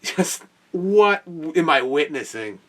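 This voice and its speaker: A young man, host of a podcast, telling an animated work story in a casual way with exclamations and laughs. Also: a little high, slow, recorded from a distance, a little hiss or hum.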